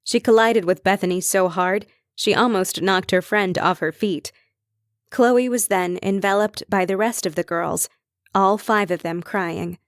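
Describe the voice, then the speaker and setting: A woman reading an audiobook in measured, even scripted narration. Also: medium pitch, no room sound, studio quality.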